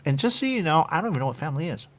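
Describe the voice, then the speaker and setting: A man hosting a radio show, talking in a rambling, repetitive monologue with muttered asides and sudden loud bursts. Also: on the high side, very animated, very fast. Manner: repetitive, playful, muttering asides, wide swings in loudness. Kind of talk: rambling stream-of-consciousness monologue.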